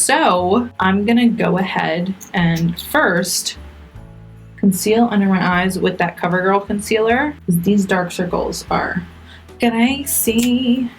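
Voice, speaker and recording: A young woman chatting casually through a makeup tutorial, self-mocking and talking straight to her viewers. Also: mid-range voice. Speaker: beauty vlogger.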